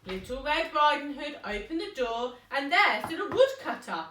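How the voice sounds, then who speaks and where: Playful mum reading a bedtime story. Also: female voice, high voice, normal speed. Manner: animated and playful, chatting with the kids. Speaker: mother reading to her children. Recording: echoey room, mic far off.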